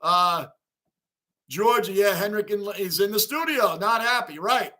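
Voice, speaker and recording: There's no rush in how this bright, high-voiced host speaks on his casual fan livestream. He chats directly with viewers, stays buddy-like with the regulars, and becomes passionate and emotional when it comes to his team.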